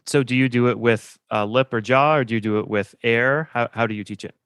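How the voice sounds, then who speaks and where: A man hosting a podcast for band directors, chatting in a relaxed way and asking questions. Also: mid-range voice, a little fast, clear, resonant tone, dry recording, clean studio sound. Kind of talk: casual podcast conversation.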